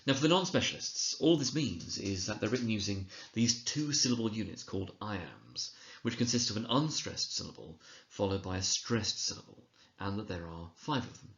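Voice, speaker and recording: A man giving a recorded lecture, explaining in a measured way and reading quoted lines slowly and dramatically. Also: on the low side, lively intonation, fairly bright tone, echoey room, lo-fi sound. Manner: explanatory, measured, with occasional slips and restarts. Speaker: teacher trainer.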